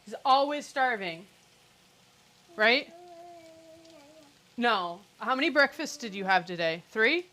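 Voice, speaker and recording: A woman's voice: on the high side, lively intonation, slow, pauses often, sharp tone, poor audio. A woman hosting a cooking livestream from her home kitchen, chatting casually and cracking sarcastic jokes. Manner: chatty, joking, sarcastic asides. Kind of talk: casual live cooking chat.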